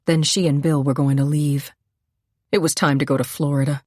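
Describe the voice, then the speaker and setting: A woman narrating a suspense novel audiobook in a measured, even reading. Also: sits low, no room sound, clean studio sound. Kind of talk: scripted narration.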